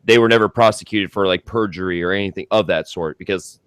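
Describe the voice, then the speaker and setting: A man's voice: low voice, fast talker, clear, resonant tone, no room sound. A man co-hosting a casual talk show, rambling and swearing, a little drunk. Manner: rambling, swearing, laughing asides. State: tipsy. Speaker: co-host. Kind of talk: casual podcast chat.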